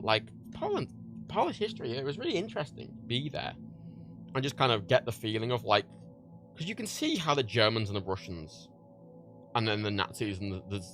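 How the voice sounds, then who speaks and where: A man's voice: fairly low pitch, a bit bright. A young man from Ireland chatting casually on a livestream while he packs orders, rambling, swearing and laughing at himself. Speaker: livestream host.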